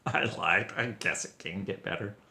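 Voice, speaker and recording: A man's voice: on the low side, moderate pace, gravelly, sharp tone, exaggerated voice. A man voicing a cheeky teenage boy prankster who teases and laughs. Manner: laughing, teasing.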